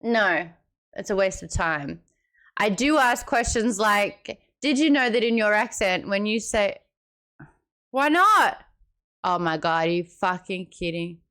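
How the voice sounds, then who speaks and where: A woman in her late twenties with an Australian accent, hosting a book club livestream in casual chat, reading out viewer comments with sudden squeals and quick asides. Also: mid-range voice, a bit bright. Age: late 20s.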